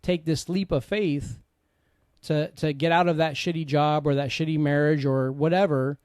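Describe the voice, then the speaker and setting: Earnest middle-aged man, higher-pitched. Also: fairly even intonation, moderate pace, a little mellow, no room sound, studio quality. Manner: earnest, conversational, with frequent asides. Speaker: podcast host and coach. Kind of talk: candid personal storytelling.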